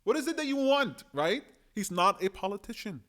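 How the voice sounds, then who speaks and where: A young man talks through his opinions in a casual solo monologue, emphatic and animated, with a fairly high-pitched voice. He sometimes slips into quick impressions of the people he describes. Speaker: political commentator.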